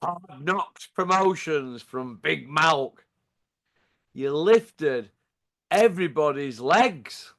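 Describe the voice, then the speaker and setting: A man's voice: on the high side, animated, extremely slow, a bit bright. A man with a Yorkshire accent delivering a sarcastic, taunting rant to camera, full of rhetorical tag questions. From Yorkshire, England. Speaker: channel host.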